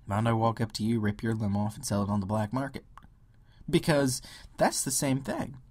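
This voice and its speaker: A man's voice: on the low side, moderate pace, darkish tone, no echo. A man ranting sarcastically to camera in a video blog, often breaking into mock quotes. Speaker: vlogger. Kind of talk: political rant to camera.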